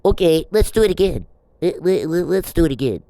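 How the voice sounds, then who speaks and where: A woman's voice: fairly low pitch, expressive, brisk, warm tone, no room sound, voice pushed up. A woman doing a mocking, stammering impression of a bumbling man who keeps repeating his mistakes.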